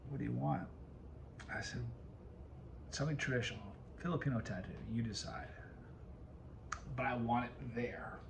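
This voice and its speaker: A man's voice: medium pitch, moderate pace, long pauses, noisy background. Rambling man telling a story, echoey room. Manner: rambling, self-interrupting storyteller. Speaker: video host. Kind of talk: casual storytelling to camera.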